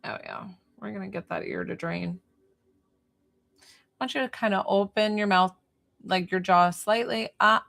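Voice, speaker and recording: A woman's voice: mid-range voice, a little slow, vocal fry, pauses often, fairly bright tone. Woman, spiritual healer, livestream session, soothing, guides breathing, chatty asides. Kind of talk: live-streamed energy healing session.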